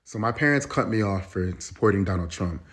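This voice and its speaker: Deep-voiced man, quick and defiant. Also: animated, very noisy. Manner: defiant, blunt, slangy. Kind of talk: casual rant to camera.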